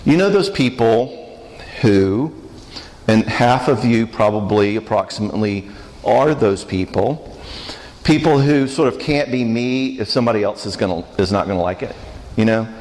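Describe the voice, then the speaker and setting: A man's voice: on the low side, lively intonation, normal speed, a little mellow. A man giving a church marriage conference talk, conversational and joking, often asking the audience questions. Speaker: conference speaker. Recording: reverberant church hall.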